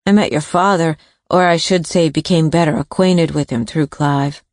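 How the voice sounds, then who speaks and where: A woman's voice: low-pitched, steady tone, moderate pace, darkish tone, no room sound, clean studio sound, close to an everyday voice. A woman voicing an older retired nurse who talks in a hesitant, confiding way, in an audiobook.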